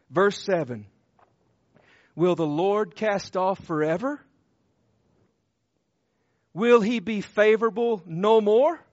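A man preaching a sermon, quoting scripture with rhythmic repetition and moving between loud proclamation and hushed, low passages. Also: no echo, highs cut off.

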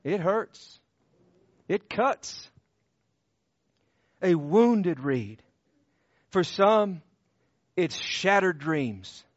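A man preaching a sermon with passion, who swings from loud emphatic cries to hushed tender tones and repeats short phrases for emphasis. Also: a little high, dry recording, lo-fi sound.

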